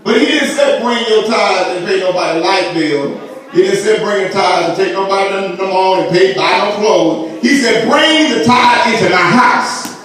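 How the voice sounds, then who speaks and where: A man preaching a sermon to his congregation, with shouted and sung peaks and playful asides, recorded in a church sanctuary. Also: high-pitched, normal speed. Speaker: pastor. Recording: echoey church from far off.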